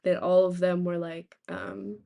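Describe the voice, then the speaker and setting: A young woman from the United States, a streamer telling rambling, animated stories in casual chat, swearing freely. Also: fairly low pitch, a little slow, vocal fry, muffled recording.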